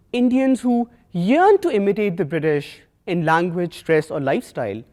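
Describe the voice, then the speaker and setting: Young man, South Asian accent, prepared talk, earnest, measured pauses, lively intonation. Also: sits high. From Pakistan. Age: young adult. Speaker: student speaker.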